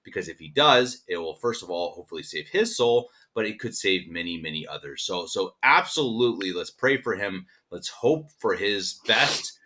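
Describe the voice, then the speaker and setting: A man's voice: sits low, expressive, moderate pace, hardly any pauses, sharp tone. A man co-hosting a podcast in casual chat, emphatic and ranting, often repeating words as he gets worked up. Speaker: podcast co-host.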